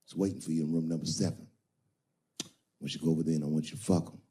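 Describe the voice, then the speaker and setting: A man playing a scheming pimp who gives steady, commanding orders. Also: rumbling low, rapid-fire, pitched below the performer's own voice. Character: scheming, cold male pimp boss.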